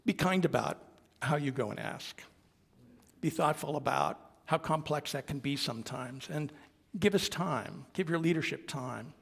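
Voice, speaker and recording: A man's voice: fairly high pitch, moderate pace, vocal fry, a bit bright, breathy edge. A man giving a sermon as a minister, speaking earnestly and conversationally with small asides. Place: sanctuary of a congregation. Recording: long reverb of a worship hall.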